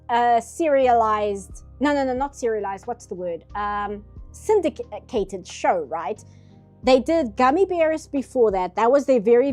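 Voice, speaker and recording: Chatty South African woman, higher voice. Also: warm tone. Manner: chatty, enthusiastic, laughs often. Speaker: artist streaming live. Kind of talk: casual chat while drawing. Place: home office.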